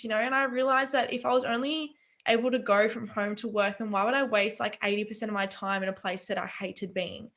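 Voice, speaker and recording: A woman's voice: medium pitch, fairly even intonation, fairly quick, fairly bright tone. A young woman, telling her personal story earnestly and emotionally on a video call. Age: young adult. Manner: earnest, emotional, many fillers. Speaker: webinar guest.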